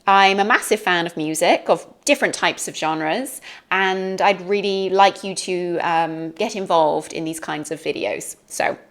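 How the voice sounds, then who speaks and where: A woman's voice: fairly low pitch, unhurried, few pauses. A British woman teaching an English lesson, explaining words in a chatty, friendly way.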